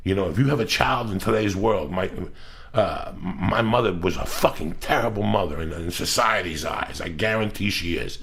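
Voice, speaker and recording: A man's voice: low-pitched, normal speed, creaky, fairly bright tone. A middle-aged man hosting a podcast, ranting in a casual, profane, emphatic way. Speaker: podcast host.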